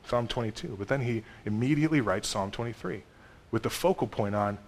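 A pastor in his thirties giving a conversational sermon, with sudden swings between loud emphasis and soft asides. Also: mid-range voice, brisk, slight background noise.

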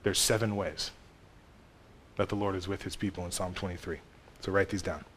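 A pastor in his thirties giving a conversational sermon, with sudden swings between loud emphasis and soft asides. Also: low voice, steady tone, normal speed, slight background noise.

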